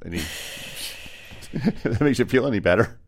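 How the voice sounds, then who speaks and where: A man's voice: fairly low pitch, animated, moderate pace. A man co-hosting a morning radio show, chatting casually and rambling with lots of "uh" and "you know".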